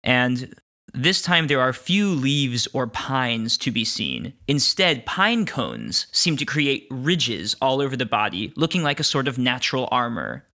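A man narrating a tabletop game as game master, describing scenes in an unhurried way. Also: mid-range voice, big pitch swings, bright, forceful tone.

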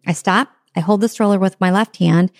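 A middle-aged woman telling a funny personal story, self-mocking and animated, acting out her own reactions. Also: mid-range voice, brisk, no echo, clean studio sound.

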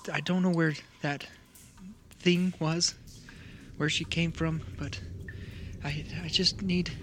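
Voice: medium pitch, fairly even intonation, slight background noise, voice pushed up, natural voice. A game master voicing a frightened young dragonborn that stutters and hyperventilates. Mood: shaken. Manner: stammering, halting.

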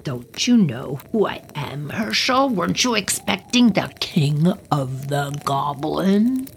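A woman voicing the menacing male king of the goblins in a low, eerie whisper. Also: expressive, slow pace, vocal fry, a little hiss or hum, exaggerated voice.

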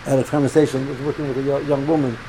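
A man's voice: medium pitch, very fast, background noise. A middle-aged man, a rabbi, giving an informal religious lecture to students, talking animatedly with many restarts and repeated words. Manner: animated, repeats and restarts words, sprinkles Hebrew and Yiddish terms.

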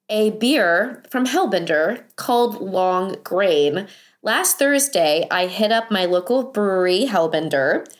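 A woman co-hosting a casual podcast chat, enthusiastic and chatty, her voice raspy and hoarse from a cold. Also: medium pitch. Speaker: podcast co-host.

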